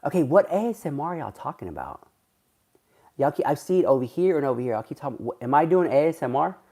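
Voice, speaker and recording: A man's voice: fairly high pitch, sing-song, fast, dark tone. A man chatting casually on a livestream, rambling in a gossipy way and answering viewers' comments. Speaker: livestreamer reading chat.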